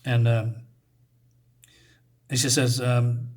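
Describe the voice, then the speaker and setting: A man's voice: mid-range voice, flat delivery, drawn-out words, darkish tone. A man casually retelling a comic book story in a hesitant way, with many fillers and restarts.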